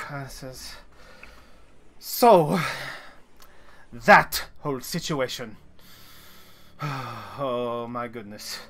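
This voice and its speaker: A man's voice: mid-range voice, expressive, drawn-out words, long pauses, fairly bright tone. A man narrating as game master of a tabletop game, often laughing as he narrates. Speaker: dungeon master.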